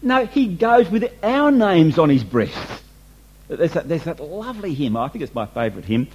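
A man delivers a sermon in a lively, animated voice that rises and falls widely. His tone is a bit husky and his pitch sits fairly high for a man. He presses his points with repetition and rhetorical questions. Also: normal speed, dull audio. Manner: emphatic, repeats and restates points, rhetorical questions. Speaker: preacher.

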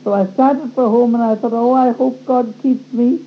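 An earnest woman recounts her own story as a testimony and voices her past thoughts vividly as she goes. Her voice sits at an ordinary middle pitch. The recording is dull and muffled, with a faint hum underneath. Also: fairly even intonation, moderate pace. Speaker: speaker giving a personal religious testimony. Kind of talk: first-person storytelling testimony.

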